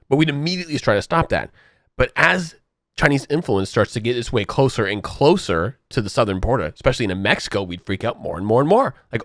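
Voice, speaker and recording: A man's voice: fairly low pitch, fairly bright tone, no echo, studio quality. A man co-hosting a podcast, arguing politics emphatically with profanity and step-by-step analogies. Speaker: podcast co-host. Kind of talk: heated political debate.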